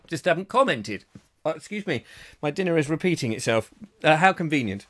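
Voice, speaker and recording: Animated, jokey man. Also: high voice, moderate pace. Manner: chatty, jokey, theatrical emphasis, laughs at own jokes. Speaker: host reading live chat comments. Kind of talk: comic rambling live chat show.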